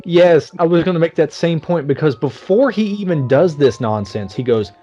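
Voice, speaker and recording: A man co-hosting a casual podcast who mocks a film's logic, animated and profane. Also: on the high side, moderate pace, lo-fi sound, soft background music. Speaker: podcast co-host. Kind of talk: casual movie recap chat.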